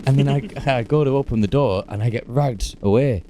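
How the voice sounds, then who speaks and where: A man co-hosting a podcast in casual chat, telling a story haltingly with many restarts. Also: medium pitch, warm tone, a little hiss or hum. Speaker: podcast co-host.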